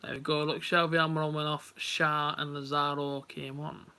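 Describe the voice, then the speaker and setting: A man's voice: on the high side, flat delivery, normal speed, bright, forceful tone, smooth. A young man chatting casually to viewers while he watches a match live and comments on it. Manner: chatty, rambling, talks straight to viewers. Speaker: live stream host.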